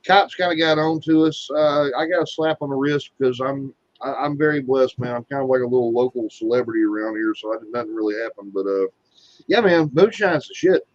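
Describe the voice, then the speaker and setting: A man's voice: mid-range voice, fairly quick, no echo. A man in casual chat, rambling and swearing constantly as he tells stories. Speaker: guest being interviewed. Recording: dull, dry lo-fi sound.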